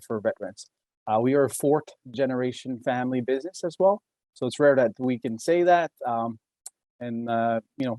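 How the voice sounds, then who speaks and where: An engineer from Quebec, speaking with a Québécois French accent, presents a webinar in a mellow, medium-pitched voice on a dry recording. He talks hesitantly, with many fillers and restarts.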